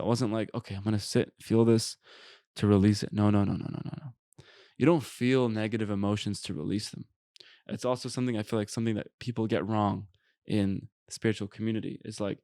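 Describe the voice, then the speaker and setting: A man's voice: fairly low pitch, vocal fry, dark tone, no room sound, studio quality. A man hosting a solo spiritual podcast, rambling earnestly with lots of fillers and casual swearing. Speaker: podcast host.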